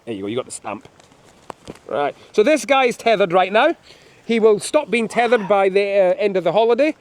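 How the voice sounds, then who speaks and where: A middle-aged falconer shows birds of prey outdoors on a windy hilltop, mixing a hands-on demonstration with chatty, joking anecdotes. His voice sits high, sing-song and a little fast.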